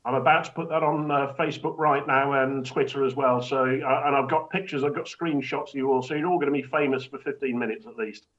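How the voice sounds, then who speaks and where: A man's voice: mid-range voice, fairly even intonation, fairly quick, few pauses, a bit bright, dull audio. A man joining by video call as a charity guest, effusive and grateful, stammering into his phrases. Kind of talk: casual video-call chat.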